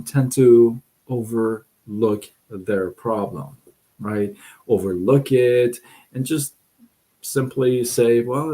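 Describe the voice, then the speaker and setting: A man's voice: on the low side, darkish tone. A man hosting a casual motivational talk, telling a fable, with fillers and "right?" asides. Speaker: host of a motivational live stream.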